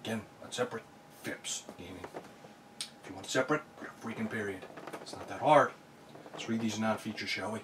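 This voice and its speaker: A man's voice: fairly low pitch, a little fast, long pauses, fairly bright tone. A man doing a sarcastic unboxing vlog, ranting about the packing and mocking the product text. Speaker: unboxing vlogger. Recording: distant mic, noisy room.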